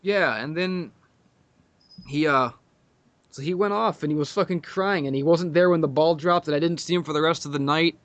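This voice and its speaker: A man's voice: on the high side, moderate pace, no echo, muffled recording. A man telling a crude, profanity-heavy story in casual podcast chat, laughing often. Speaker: podcast guest.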